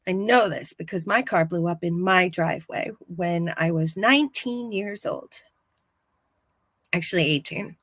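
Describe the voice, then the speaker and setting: A woman's voice: fairly low pitch, a little slow, dry recording. Woman chatting on a stream, takes her time, dry close sound, acts out the scenes. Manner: animated storyteller, acts out quotes. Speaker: podcast co-host recapping a TV episode. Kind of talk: casual live-stream chat. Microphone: live-stream setup.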